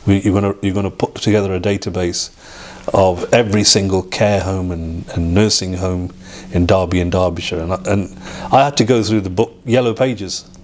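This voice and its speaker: A man's voice: sits low, fairly even intonation, a little mellow, slight background noise. Man telling his story. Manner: halting, with restarts and acted-out quoted dialogue. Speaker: interview guest. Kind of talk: personal storytelling.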